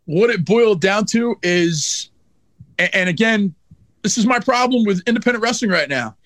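A high-pitched man telling a blunt, profanity-laced backstage story with animated energy. His voice is recorded dry and close, with no room sound. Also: normal speed, no echo. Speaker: wrestling manager guest. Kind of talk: candid storytelling interview.

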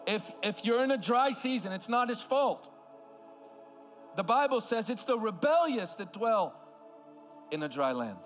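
A man preaching an impassioned sermon as a guest speaker, swinging from loud cries to hushed words. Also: very high-pitched. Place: large church hall.

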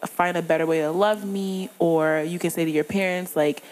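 A woman in her thirties in casual conversation, supportive and quick to affirm. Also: fairly low pitch, fairly even intonation, a little mellow, rough recording. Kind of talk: casual chat.

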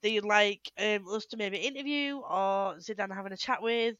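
Giggly and quick, a young adult woman co-hosts a relaxed podcast chat on a headset mic, often restarting her sentences. Her mid-range voice has a fairly bright tone, with no echo and dull audio.

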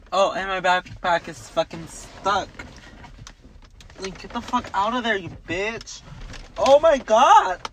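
A man's voice: high-pitched, fairly bright tone. A young man, a student, ranting dramatically and profanely in a casual vlog. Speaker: vlogger, student.

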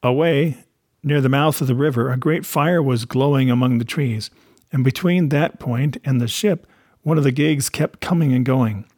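A man giving a measured, steady audiobook narration of a classic adventure novel. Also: medium pitch, no room sound, clean studio sound.

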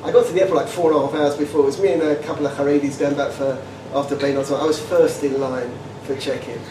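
Telling humorous anecdotes to students in an informal talk, a high-voiced man speaks fast and with animation, stammering through repetitions and laughing often. He was recorded from a distance in an echoey room with background noise.

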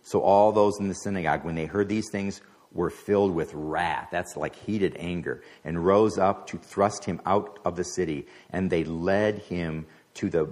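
A man with a very low voice teaches through a scripture passage. He reads the verses aloud and then unpacks them in plain, conversational talk. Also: moderate pace, hardly any pauses, a little mellow. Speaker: Bible teacher. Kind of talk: sermon-style Bible teaching.

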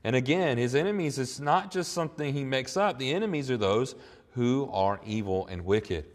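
A middle-aged man preaching a sermon. He talks earnestly, climbs to emphatic high points and then drops to quiet reflection. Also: lively intonation, moderate pace, in a large hall. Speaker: pastor.

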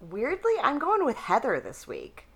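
A woman's voice: sits high, huge pitch swings, normal speed, husky. A woman co-hosting a casual TV recap podcast, talking with enthusiastic opinions. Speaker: podcast co-host. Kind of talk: casual chat.

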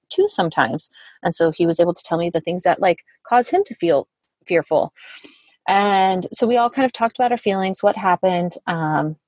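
Woman, thirties, therapist and mom, casual interview storytelling, lots of "like", lowish voice, dry close sound. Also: a little mellow, no room sound. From Southern California. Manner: chatty, many "like" fillers, acts out quotes. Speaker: guest therapist and parent.

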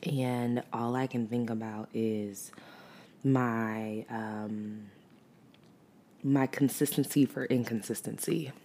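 Very low, gravelly-voiced woman podcaster. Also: fairly even intonation, slow, mellow. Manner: rambling, reflective, chatty asides. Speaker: podcast host. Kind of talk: casual solo podcast monologue.

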